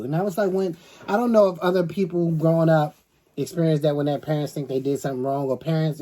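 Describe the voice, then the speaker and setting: Lively middle-aged man telling stories. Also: fairly high pitch. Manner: animated storyteller acting out others' voices, laughing often. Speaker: co-host. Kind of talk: storytime chat.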